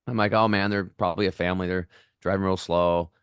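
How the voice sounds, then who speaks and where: A middle-aged man, a podcast guest, telling stories in an excited, rambling way and acting out the voices of the people in them. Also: low-pitched, fast, clean tone, no echo, studio quality. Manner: enthusiastic, rambling, acts out quoted voices. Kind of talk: excited storytelling interview.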